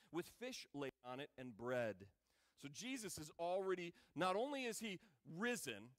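A man pastor preaching a sermon, telling a story with lively acted-out voices. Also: a little high. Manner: animated storytelling, acting out voices in retellings.

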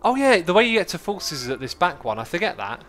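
Animated cheerful man streaming a game. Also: high-pitched, fast talker, soft background music. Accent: British. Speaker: livestream host. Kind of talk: casual gaming livestream chat.

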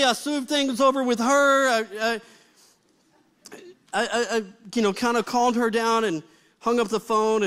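High-voiced pastor telling a comic story. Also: male voice, slight background noise. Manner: animated, comic retelling with acted-out quotes. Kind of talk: storytelling sermon.

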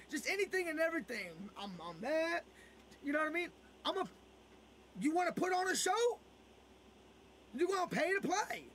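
A man's voice: very high voice, bright, forceful tone, slight background noise. A man live-streaming a football video game, ranting at viewers in casual, profane chat and repeating himself as he goes.

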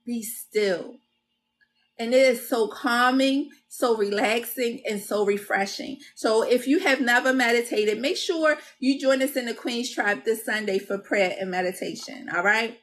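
A woman's voice: fairly high pitch, unhurried, a bit bright. A woman hosting a self-care video, giving an encouraging talk with a repetitive, preacher-like cadence and addressing her viewers as y'all. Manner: casual and conversational with confessional asides. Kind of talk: motivational self-help talk.

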